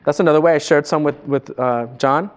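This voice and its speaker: A man training salespeople in a live seminar, animated and quizzing his audience. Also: on the high side, brisk, smooth.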